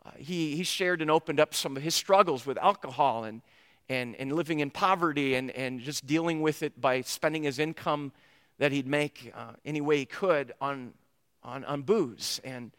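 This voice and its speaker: Pastor, male, fairly high and bright; animated sermon storyteller; long hall reverb. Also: moderate pace, clean tone. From United States. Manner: animated storyteller who acts out the dialogue he retells.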